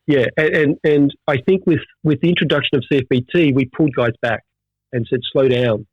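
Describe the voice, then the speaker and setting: A middle-aged Australian man, a veteran firefighter, talking in an animated storytelling way with many restarts in a casual interview. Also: fairly high pitch, a little fast, no room sound. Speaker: firefighter guest. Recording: dull dry audio.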